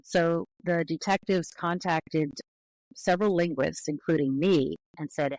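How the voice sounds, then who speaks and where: A woman's voice: deep voice, fairly even intonation, measured pace, darkish tone, no echo, rough recording. A woman guest on an interview, speaking as a linguist in a careful, explanatory way with frequent restarts.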